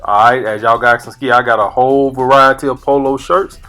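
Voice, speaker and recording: A man's voice: mid-range voice, fairly even intonation, fairly quick, sharp tone, soft background music. A man hosting a dating advice vlog, talking casually in a blunt, profane way and calling his viewers "guys" again and again. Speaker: dating advice channel host.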